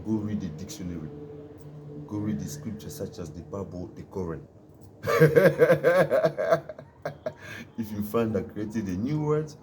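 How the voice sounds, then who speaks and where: Deep-voiced man preaching outdoors. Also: noisy background. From Africa. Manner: preachy, emphatic, repetitive. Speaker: vlogger. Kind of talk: rambling outdoor monologue. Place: outdoors in the cold near his home.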